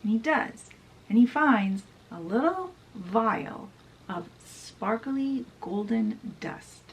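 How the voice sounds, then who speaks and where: A woman's voice: fairly high pitch, lively intonation, slow pace, slight background noise, rough recording. A woman casually summarizing a fantasy novel in a chatty way, often saying "he's like". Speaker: book reviewer.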